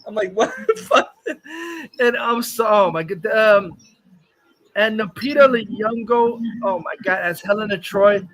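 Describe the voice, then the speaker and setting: A man's voice: high voice, unhurried, a bit bright, rough recording. A man hosting a live stream, rambling through a profane, exasperated movie rant full of restarts and swearing. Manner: exasperated, scoffing. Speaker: host reviewing a movie.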